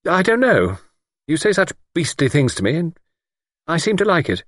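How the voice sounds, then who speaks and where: A man voicing a sharp, hard-boiled young woman. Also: on the high side, very animated, moderate pace, no echo, studio quality, pitched above the performer's own voice. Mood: wry. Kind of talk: audiobook character voice.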